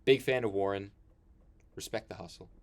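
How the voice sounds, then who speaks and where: A man's voice: on the low side, normal speed, slight background noise. A young man hosting a casual film talk, rambling with fillers and laughs. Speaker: podcast host.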